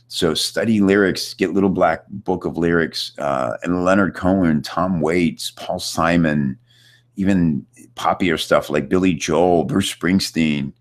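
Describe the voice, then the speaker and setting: A man with a low, slightly slow voice hosts a live online Q&A over a computer setup with screen share. Chatty and upbeat, he reads out viewer questions in a loose coaching chat full of fillers.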